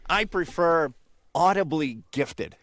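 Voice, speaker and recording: Dude doing a loudmouth new england blue jay, super lively. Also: male voice, a little high, extremely slow, pitched above the performer's own voice, full character voice. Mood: cocky. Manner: boastful, loud, teasing. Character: cocky loud male blue jay.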